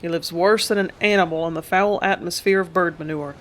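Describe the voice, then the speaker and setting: A reader voicing a gruff middle-aged ship captain who talks in a firm, fatherly, lecturing way. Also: sits high, fairly even intonation, a little fast, fairly bright tone.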